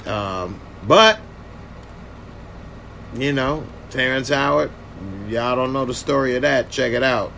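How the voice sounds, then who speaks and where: A man's voice: medium pitch, lively intonation, slow, gravelly, pauses often, sharp tone, a little hiss or hum. A man casually reviewing a TV episode and answering viewer comments in a loose, conversational way. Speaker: TV show reviewer. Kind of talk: casual reaction video commentary.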